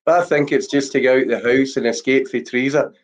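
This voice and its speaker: A woman's voice: extremely low pitch, fairly even intonation, quick pace. A woman, a podcast host, chatting in an easygoing, joking way. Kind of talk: casual podcast chat. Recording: dull lo-fi audio.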